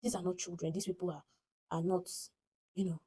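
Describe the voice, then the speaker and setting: A fast-talking Nigerian woman recounts a story into her phone in an animated, dramatic way. Her voice is husky and mellow, slightly dark in tone. She acts out each person she quotes. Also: on the low side, low-quality recording. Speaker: vlogger. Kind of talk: casual storytelling to camera.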